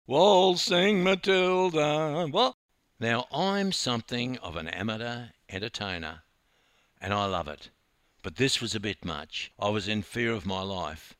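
An Australian man narrating his own memoir with wry, animated storytelling. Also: on the low side, normal speed, smooth, no echo, studio quality.

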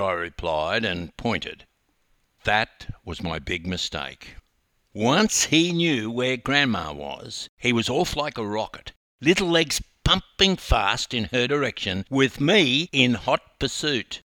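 An older Australian man, a former swim coach, reading his own memoir aloud with wry, animated storytelling. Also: fairly low pitch, unhurried, no room sound, clean studio sound.

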